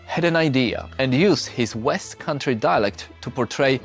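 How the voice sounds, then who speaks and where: A man reading scripted narration for an explainer video, steady and explanatory. His pitch is ordinary. Soft background music plays under him. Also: moderate pace.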